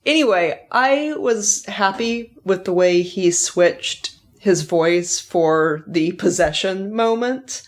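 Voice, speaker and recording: A woman's voice: mid-range voice, slow, hardly any pauses. A middle-aged woman, an author hosting her own podcast, reflecting in a chatty way and laughing now and then. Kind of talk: casual author commentary.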